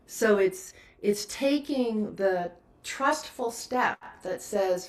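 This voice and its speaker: A woman's voice: medium pitch, extremely slow, recorded from a distance. A woman teacher answering a question at a meditation service, earnest and laughing easily. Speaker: spiritual teacher.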